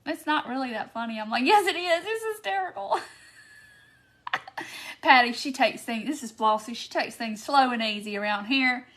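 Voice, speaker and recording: Giggly high-voiced woman. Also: fairly bright tone. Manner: giggly, keeps breaking into laughter; reads viewer comments aloud by name. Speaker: craft tutorial host. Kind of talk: casual live-stream chat.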